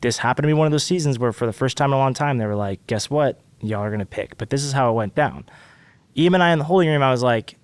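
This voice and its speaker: Guy telling a story real animated, jumps way up when he quotes people, dry close mic, mid pitch. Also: rapid-fire, smooth, no echo. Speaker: podcast guest, singer. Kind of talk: casual storytelling.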